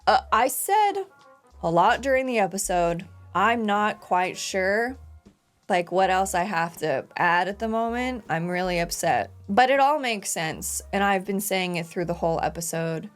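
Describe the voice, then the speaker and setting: A woman's voice: mid-range voice, animated, measured pace, soft background music. A woman hosting an anime reaction video, talking earnestly and emotionally about an episode, with sighs and exclamations. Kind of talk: casual reaction commentary.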